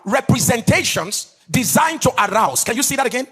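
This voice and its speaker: High-voiced sing-song male preacher. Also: sing-song, a bit bright, slightly rough, long reverb tail, soft background music. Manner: sing-song preaching cadence, stretching key words; asks the audience questions and pauses for answers. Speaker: pastor. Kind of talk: teaching sermon to a live audience.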